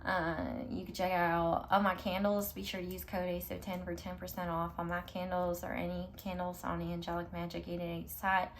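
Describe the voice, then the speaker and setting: A woman reads tarot cards for her viewers in a low, even voice, talking to them directly. Her delivery is reassuring and affirming. A faint hiss sits under the recording. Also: fairly quick, few pauses. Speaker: tarot reader. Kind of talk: pick-a-card tarot reading to camera.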